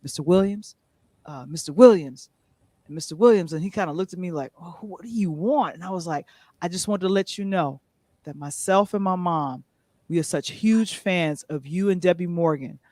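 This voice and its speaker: A woman's voice: fairly low pitch, normal speed, warm tone, no echo. A middle-aged woman hosting a live talk show, telling stories animatedly and reading out viewer comments, with a New York accent. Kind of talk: casual live-stream chat.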